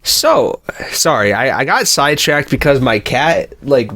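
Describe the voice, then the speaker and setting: Casting: young male podcast co-host, easygoing and rambling, middle pitch, dry close-miked sound. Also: very animated, a little slow, a bit bright, no echo. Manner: laid-back, laughs often, rambling asides. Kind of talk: casual chat.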